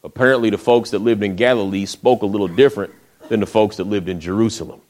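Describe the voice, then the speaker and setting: A man preaching a sermon, retelling the story in a folksy way with acted quotes, often dropping to a hush. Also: fairly low pitch, steady tone, fast talker.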